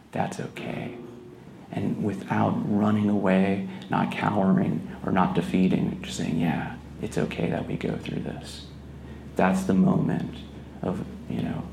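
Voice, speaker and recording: A man's voice: fairly low pitch, gravelly, a little hiss or hum. A man, a meditation teacher giving a casual, storytelling dharma talk at a retreat. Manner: casual storytelling, gentle and laughing. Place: retreat hall, indoors. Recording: echoey retreat room.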